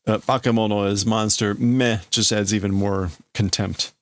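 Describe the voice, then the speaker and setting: A man hosting a livestream, working slowly through a manga translation out loud, halting and stopping often to explain words. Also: fairly low pitch, steady tone, no room sound. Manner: slow, halting, stops to explain words and reads lines in a raised voice. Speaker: livestream host. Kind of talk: casual live translation of a manga.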